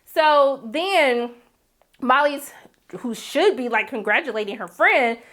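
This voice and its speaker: A woman's voice: high voice, lively intonation, slow, a bit bright. A woman giving a casual TV episode recap, sassy and blunt, with slangy asides.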